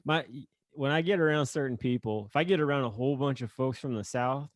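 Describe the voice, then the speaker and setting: A mid-pitched man from Northern Indiana, recorded dry and close with no room sound. He co-hosts a podcast in an easygoing way, laughing readily and wandering through his stories. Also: fast, dry recording. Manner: laid-back, laughs easily, rambles with fillers. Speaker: podcast co-host. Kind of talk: casual chat.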